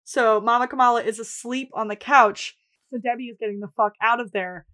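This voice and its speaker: Brief: woman podcast co-host, slightly high voice, brisk casual storyteller recapping plot. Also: steady tone, pushed and bright. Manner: brisk storytelling, quotes characters in put-on voices. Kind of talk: casual episode recap chat.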